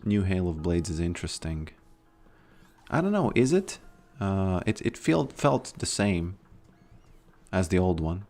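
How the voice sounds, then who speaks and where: Low-voiced laid-back male streamer. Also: very animated, unhurried, a little mellow. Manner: laid-back, answering chat, trailing off mid-sentence. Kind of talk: casual livestream chat while gaming.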